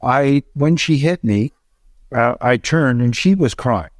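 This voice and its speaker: A man, a stand-up comedian, chatting casually on a podcast in a rambling, animated way with frequent restarts. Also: medium pitch, takes it slowly, dry recording, clean studio sound.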